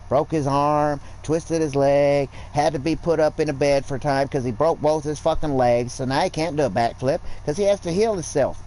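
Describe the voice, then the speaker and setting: A man rambles through a casual gaming livestream, lecturing and swearing freely as he goes. His speaking voice sits high for a man. The delivery is loose and conversational. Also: a little mellow, slight background noise, rough recording. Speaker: gaming streamer.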